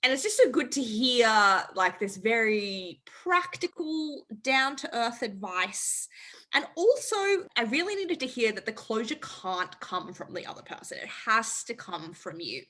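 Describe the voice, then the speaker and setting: A woman's voice: fairly high pitch, big pitch swings, unhurried, a bit bright. A woman co-hosting a podcast, chatting in a gushing, self-deprecating and emphatic way. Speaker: podcast co-host. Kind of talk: casual podcast chat.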